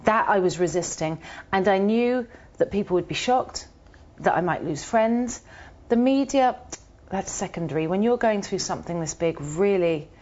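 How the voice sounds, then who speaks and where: A woman being interviewed, telling a personal story in an earnest, halting way with many restarts. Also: mid-range voice, expressive, darkish tone. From United Kingdom. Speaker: interview guest. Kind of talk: reflective personal account. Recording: muffled, dull audio.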